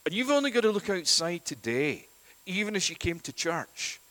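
A man's voice: high voice, sing-song, moderate pace, fairly bright tone. A man preaching a sermon in a church, earnest and emphatic, with rhetorical questions and a habit of saying "it is that". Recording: long church reverb.

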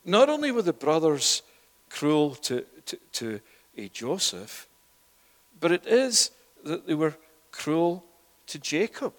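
Brief: male preacher, fairly high voice, emphatic sermon delivery, long church reverb. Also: sing-song, slow pace. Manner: emphatic, rising and louder at key points, with repeated words. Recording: long echo of a church hall.

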